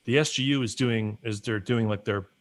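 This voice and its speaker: Animated man telling stories, acting out quotes. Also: medium pitch, normal speed. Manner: animated storyteller who acts out his own quotes. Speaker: guest and regular collaborator. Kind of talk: casual livestream chat.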